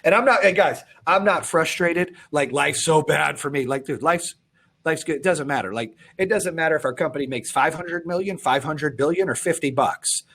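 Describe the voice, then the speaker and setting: A man hosting a podcast, talking bluntly and with profanity, swinging between loud pushes and low, quiet stretches. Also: normal speed, slightly rough. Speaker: podcast host. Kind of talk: intense motivational podcast talk.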